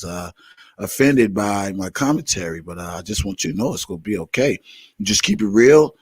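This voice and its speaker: A man's voice: fairly low pitch, lively intonation, moderate pace, breathy edge. A man hosting a live commentary stream, blunt and profane, speaking straight to his viewers and checking his mic. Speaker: YouTube commentary blogger and host.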